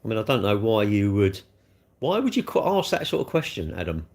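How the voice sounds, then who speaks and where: A man's voice: on the low side, big pitch swings, brisk, a little mellow. An older man, hosting a casual livestream, chatting in a rambling, blunt way while he answers viewer comments. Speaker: livestream host.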